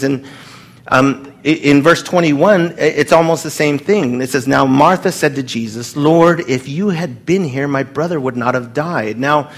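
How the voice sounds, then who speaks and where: A man preaching a sermon in a loose, conversational way, with fillers and asides, and acting out quoted lines. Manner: acts out quoted lines with rising pitch.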